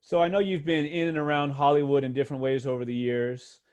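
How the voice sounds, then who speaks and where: A man's voice: on the high side, quick pace, dull audio. Male host, casual interviewer, loose and chatty. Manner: relaxed, loose questions with many fillers. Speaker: podcast host.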